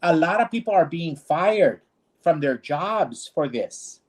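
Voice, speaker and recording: A man's voice: a little high, lively intonation, slow pace, a little mellow. A man co-hosting a streamed talk show, ranting bluntly and indignantly in casual discussion. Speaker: co-host.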